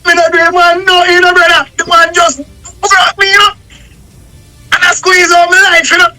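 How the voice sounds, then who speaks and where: Very high, bright-voiced Jamaican man. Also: monotone, moderate pace, faint music behind, rough recording. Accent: Jamaican Patois. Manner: rambling, emphatic patois storytelling. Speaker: guest telling his story. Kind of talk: casual storytelling in conversation.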